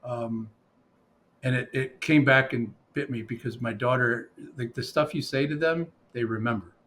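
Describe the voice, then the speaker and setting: A man's voice: medium pitch, normal speed, fairly bright tone. A man telling a story in casual conversation, rambling with fillers and restarts and quoting what others said to him.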